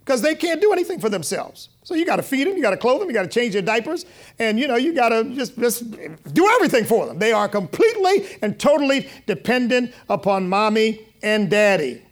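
A high-voiced man preaches to his congregation in an easy, talking style. He stops to ask for amens, and his voice jumps up and gets loud whenever he acts out what other people said. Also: brisk. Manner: conversational preaching with call-and-response amens; animated, rising loud when quoting. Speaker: pastor. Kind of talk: sermon.

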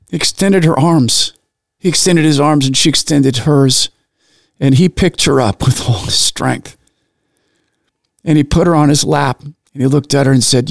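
A middle-aged man telling a personal story in an earnest, emotional way, with pauses and restarts. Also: mid-range voice, no echo, studio quality.

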